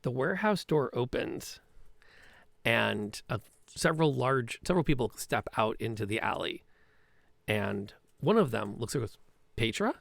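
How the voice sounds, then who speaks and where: A man narrating a tabletop game as its game master, with a gravelly edge. His pitch moves a lot as he scene-sets. The sound is dry and close. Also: lively intonation, normal speed, dry recording.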